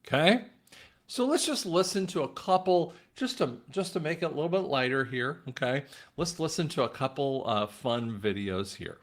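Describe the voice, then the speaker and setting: A man's voice: medium pitch, expressive, normal speed. A male host giving casual political commentary, talking straight to his viewers. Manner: casual, addresses viewers as guys.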